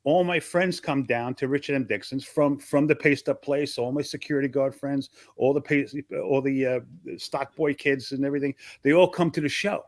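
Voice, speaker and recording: A man's voice: medium pitch, moderate pace, hardly any pauses, no echo. An older man, a comedian from Long Island, telling stories from his early days in a casual interview and acting out the voices of the people in them. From Long Island, New York.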